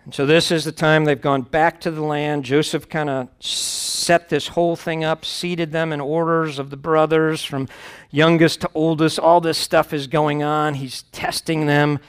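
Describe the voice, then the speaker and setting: A man's voice: a little high, little pitch movement, unhurried, clean tone. A man preaching, reading scripture aloud and explaining it in a conversational way, with wry asides.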